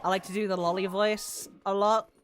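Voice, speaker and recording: A woman plays a game on stream and chats over music in a mid-range, level voice that she calls androgynous. At a moderate pace she rambles casually, swearing freely and filling gaps with lots of fillers.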